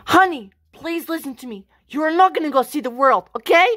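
A woman's voice: sits high, animated, brisk, a bit bright, no room sound, studio quality. A woman playing a strict, scolding mom. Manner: firm, scolding. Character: strict, overprotective mother. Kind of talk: amateur home-made family drama.

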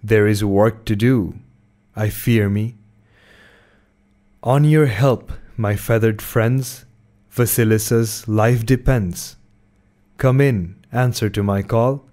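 A man reading the lines of a small, wise, helpful magic doll in a storybook tale, slow and measured. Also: fairly low pitch, warm tone. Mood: calling out.

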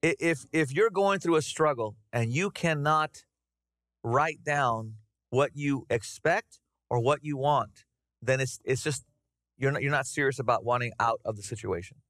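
A middle-aged man preaching a conversational, animated sermon to his congregation. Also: mid-range voice, a little slow, no room sound, clean studio sound. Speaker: pastor. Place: church sanctuary.

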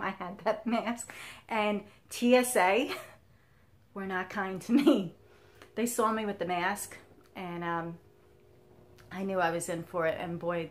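A woman's voice: fairly low pitch, slight background noise. A woman in her fifties talking candidly to camera as a cross stitch vlogger, telling a personal story and laughing often. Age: 50s.

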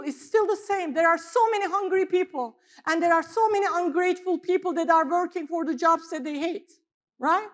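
Lady pastor preaching, high voice, gets loud then drops quiet for asides. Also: moderate pace. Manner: animated storytelling, swings between loud emphasis and quiet asides. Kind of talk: sermon.

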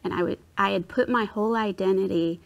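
A woman's voice: medium pitch, brisk, creaky. A woman on a Christian talk-show panel, giving an earnest, heartfelt personal testimony. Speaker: discussion panelist.

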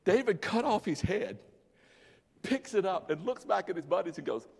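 A male pastor preaching a sermon, animated and dramatic, mixing Bible story with casual slang. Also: high voice, moderate pace, gravelly, breathy edge. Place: church sanctuary. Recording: long church hall reverb.

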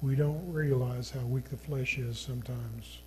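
A man preaching a sermon as a pastor, reading scripture in an earnest, slow manner that sinks to a hushed tone at solemn points. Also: mid-range voice, fairly even intonation, slight background noise, poor audio.

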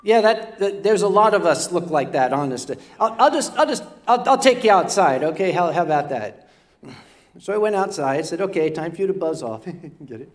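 An older man with a notably high voice tells comic stories to a live audience from a stage. He is self-deprecating and often stammers, repeating words as he finds his way. He speaks into a stage microphone. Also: lively intonation, normal speed. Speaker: on-stage storyteller. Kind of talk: comedic stage storytelling.

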